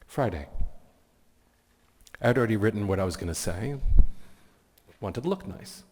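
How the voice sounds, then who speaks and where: A man's voice: lowish voice, animated, normal speed, darkish tone, long reverb tail. A man giving a heartfelt, inspirational speech with personal stories as guest speaker at a community meeting. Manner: heartfelt, earnest storytelling. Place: community event hall.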